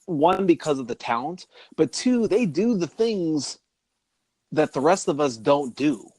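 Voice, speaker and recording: A man's voice: a little high, very animated, measured pace, a little mellow, no echo. A man co-hosting a podcast in casual chat, rambling and laughing often as he talks. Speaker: podcast co-host.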